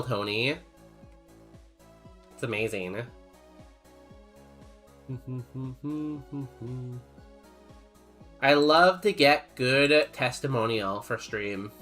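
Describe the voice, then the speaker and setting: A man's voice: mid-range voice, very animated, very slow, pauses often, a bit bright, soft background music. A young man streaming a game, chatting casually and rambling as he reads chat aloud in a laid-back way.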